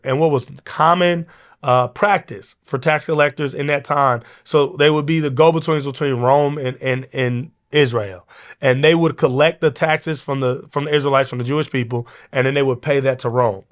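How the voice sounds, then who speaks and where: A man's voice: medium pitch, steady tone, normal speed. A male podcast host giving a motivational leadership talk drawn from Bible stories, in an informal, preacher-like way, often checking in with "okay?". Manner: conversational, informal preaching with repeated restarts and "okay?" check-ins.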